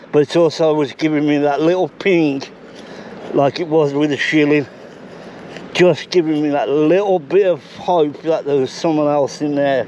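A chatty, excitable man with a fairly high voice, out of breath from digging and talking straight to his viewers. He is outdoors on a camera mic, with a faint hiss of open air behind him. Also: rough recording. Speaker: metal detecting vlogger. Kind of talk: casual outdoor vlog commentary. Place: outdoors in a field.

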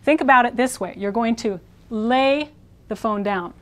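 A woman teaching a recorded language lesson. She explains the rules step by step and says each example word slowly and carefully. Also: a little high, fairly bright tone. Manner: slow, careful pronunciation drills. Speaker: Spanish teacher.

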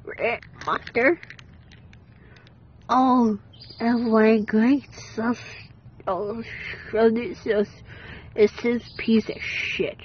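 A woman talking in excited, exclamatory bursts that break into swearing. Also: on the high side, drawn-out words, pauses often, a little hiss or hum. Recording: dull lo-fi audio with faint music.

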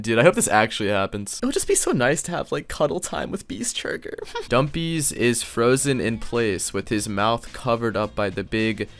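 A man's voice: medium pitch, expressive, normal speed, soft background music. A man reading fan fiction aloud on his channel, breaking off into sarcastic, profane, mock-outraged comments. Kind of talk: comedic reaction reading.

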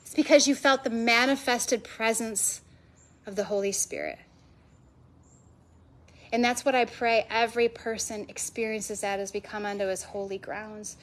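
Woman, higher voice, passionate sermon, emphatic repetitions, live audience venue. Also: steady tone, normal speed, fairly bright tone. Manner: passionate, emphatic, repeats phrases in lists. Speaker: women's ministry speaker.

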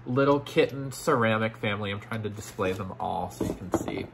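A man unboxing vintage toys in a casual vlog, effusive and gushing, often dropping into breathy near-whispers. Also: fairly low pitch, brisk, fairly bright tone, slight background noise. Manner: gushing, effusive, repeats "oh my gosh". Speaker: vintage toy collector and seller.

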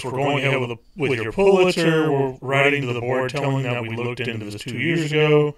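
A man hosting a podcast, reading a letter aloud with his own comments, halting and full of fillers. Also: medium pitch, far from the mic. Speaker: podcast host.

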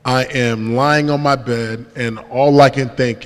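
A young man speaks from the front of a church, telling his story with lively, self-mocking humor and acting out the people in it. His mid-range voice rolls out into a long church-hall reverb. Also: medium pitch, a little slow, few pauses. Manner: lively storyteller who acts out dialogue and laughs at himself. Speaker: guest speaker. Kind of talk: storytelling testimony. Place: church sanctuary.

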